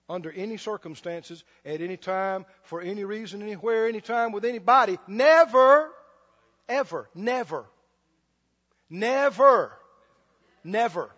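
Male preacher, high voice, emphatic and repetitive, long hall echo on a muffled recording. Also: a bit bright. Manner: emphatic, repetitive, laughs often. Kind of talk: sermon.

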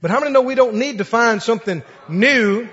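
A preacher from Mississippi delivers a folksy, animated sermon with laughing asides. His voice is very high, husky and lively in pitch. The recording sounds dull and lo-fi, with a long reverb from a large hall. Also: a little fast.

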